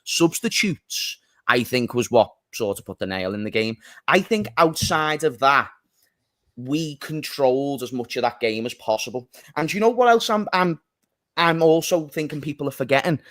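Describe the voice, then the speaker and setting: A man's voice: medium pitch, expressive, moderate pace, fairly bright tone, no room sound. Give me a chatty man hosting a football podcast with a dry, close sound. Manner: chatty, teasing banter. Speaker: podcast host. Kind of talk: casual football talk show.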